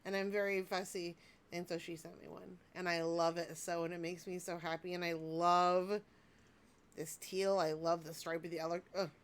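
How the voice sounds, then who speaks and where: A woman's voice: fairly low pitch, flat delivery, normal speed. A woman in her thirties, a vlogger gushing and rambling in casual chat about handmade gifts she received.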